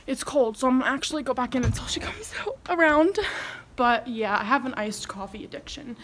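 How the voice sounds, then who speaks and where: A woman's voice: on the high side, a little hiss or hum. A young woman chatting to camera in a casual vlog, bubbly and gushing, giggling often. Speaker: vlogger.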